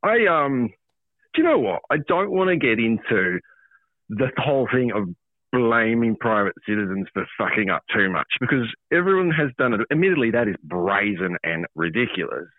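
A wry, self-deprecating Australian man from Melbourne chats down a tinny phone line. His pitch swings widely as he talks, and the sound is dry and thin. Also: very animated, normal speed, no room sound. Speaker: guest editor on a phone call. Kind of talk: casual chat.

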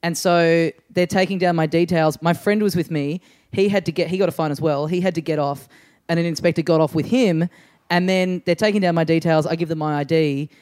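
A man's voice: a little high, fairly even intonation, a little fast, darkish tone, clean tone. An Australian man hosting a podcast, telling rambling anecdotes in casual chat and acting out both sides of each exchange. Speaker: podcast host.

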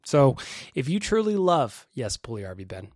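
A man hosting a casual sports podcast, animated and joking, swearing now and then. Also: mid-range voice, moderate pace, dry recording, clean studio sound. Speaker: podcast host.

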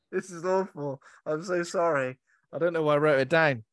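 A man's voice: a little high, fairly bright tone, no room sound, clean studio sound. A man hosting a podcast in a casual chat, giggling and mocking himself as he stumbles over his words. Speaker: podcast host.

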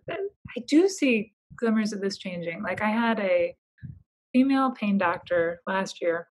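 Young woman, podcast guest; husky, chatty, many fillers, quick laughs. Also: medium pitch, poor audio. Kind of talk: casual conversation.

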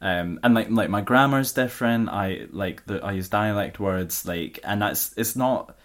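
A man's voice: on the low side, a little slow. A young Scottish man co-hosting a podcast, chatting casually with many fillers and frequent laughs. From Scotland. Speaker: podcast co-host. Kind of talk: casual chat.

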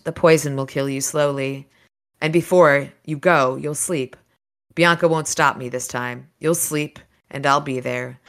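A menacing, gloating male sorcerer's ghost from a fantasy novel, drawling slow threats in a low voice, as a woman reading aloud puts him on. The delivery is calm and unhurried, with a smug edge. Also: clean tone.

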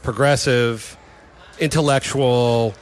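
A man hosting a casual chat, opinionated and quick to laugh. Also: medium pitch, steady tone, smooth. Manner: fast, opinionated, laughs often.

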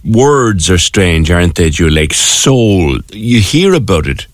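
A man hosting a radio chat in a lowish voice. He talks in a loose, colloquial way and steers the conversation along. The sound is dry and close. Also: very animated, measured pace, no echo. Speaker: radio host.

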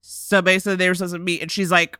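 A woman co-hosting a casual podcast with a bright, forceful tone, recorded dry and close. She is expressive and slips into the characters' voices as she tells the story. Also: lowish voice, rapid-fire, smooth, no echo. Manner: expressive, acts out characters' lines. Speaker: podcast co-host. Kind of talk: casual chat recapping a TV show.

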